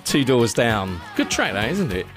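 A man's voice: medium pitch, big pitch swings, moderate pace, over music. A man presenting a casual radio chat show, jokey and self-mocking, laughing often.

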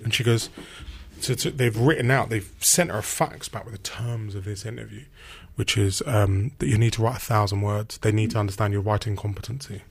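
A young man tells an animated anecdote, acting out both sides of old conversations and jumping up in pitch for the lines he quotes. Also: brisk, vocal fry, slightly rough. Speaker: guest telling a story.

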